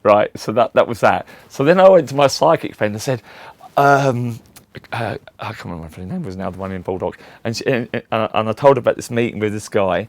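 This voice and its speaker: Gravelly man telling a story. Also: on the low side, fairly quick, no echo. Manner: rambling anecdotes, acts out voices in quotes. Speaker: interview guest, tribute act for a famous singer. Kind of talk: casual storytelling in an interview.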